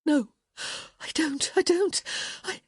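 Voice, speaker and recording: A woman voicing a young, inexperienced heroine with a high, breathy voice and gasping, eager exclamations. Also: takes it slowly, a little mellow, no room sound, clean studio sound. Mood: breathless.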